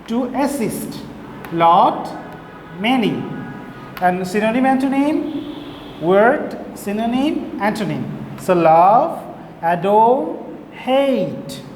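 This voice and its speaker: A man's voice: high voice, animated. A male teacher giving a recorded English lesson to young children, spelling out each word letter by letter. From Bangladesh. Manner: slow, spells words letter by letter. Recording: echoey room with faint hiss.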